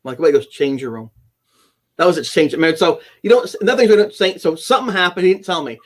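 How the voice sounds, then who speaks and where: A middle-aged man with a fairly high voice recounts a personal experience as a podcast guest. He talks quickly and acts out the dialogue, stumbling and restarting as he goes. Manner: animated storyteller who acts out quoted dialogue, with frequent restarts. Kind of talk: personal storytelling in a podcast interview.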